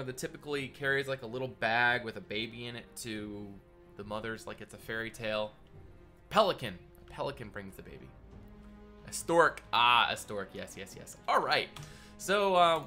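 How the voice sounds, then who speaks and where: Congested male streamer, bright nasal voice. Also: mid-range voice, normal speed, soft background music. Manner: chatty, rambling, greets chat by name. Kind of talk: casual live-stream chat while building.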